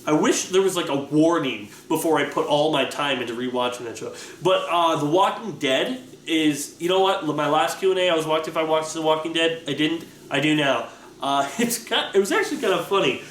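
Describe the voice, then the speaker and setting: A young man telling stories in a casual chat, animated and full of restarts. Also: slight background noise. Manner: animated storytelling, excited rising pitch, many restarts. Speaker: vlogger answering viewer questions. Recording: echoey room with faint ambience.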